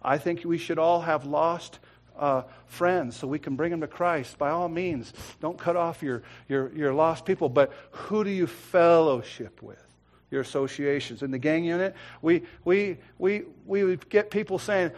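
A middle-aged man preaching a sermon, swinging between loud bursts and quiet asides and acting out the voices in his stories. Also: a little high, lively intonation, normal speed. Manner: acts out quoted voices in storytelling. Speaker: pastor.

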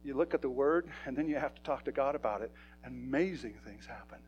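A man's voice: medium pitch, fast talker, darkish tone, highs cut off, faint music behind. A man preaching a sermon in a church, talking to his congregation in an emphatic, conversational way. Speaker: pastor.

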